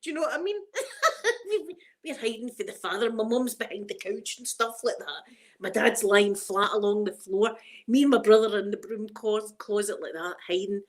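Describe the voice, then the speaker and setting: Scottish woman, middle-aged, chatty storyteller, rambling, quick to laugh. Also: mid-range voice. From Scotland. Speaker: livestream host. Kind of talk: casual storytelling chat.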